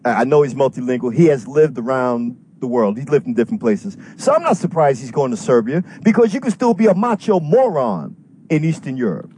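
A man rants to a talk show host in a heated, foul-mouthed stream, cursing in nearly every sentence. His voice sits a little high but has a mellow, dark tone. A faint noise hums behind him. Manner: profane, fired-up, heavy swearing. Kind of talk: heated call-in rant.

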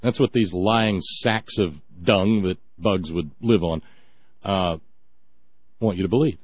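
A man's voice: sits low, slow pace, slightly rough, no room sound. A man giving scornful, sarcastic, rambling radio commentary. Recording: dry, dull lo-fi audio.

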